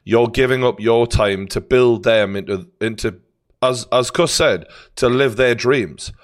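A male podcast host with a Geordie accent asking long, halting questions full of restarts. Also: mid-range voice. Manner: halting, many restarts and fillers. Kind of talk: interview questions.

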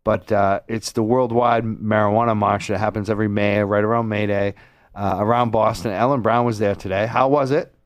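A man hosting a radio talk show, chatting loosely and excitably with a slight lisp. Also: lowish voice, a little fast, dry recording. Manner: loose, excitable and self-deprecating. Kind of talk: casual radio chat. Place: radio studio. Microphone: studio microphone.

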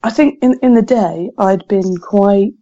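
A woman's voice: medium pitch, unhurried, mellow, no echo, dull audio. A woman in her twenties, a podcast guest telling a story in casual chat, chatty with many fillers.

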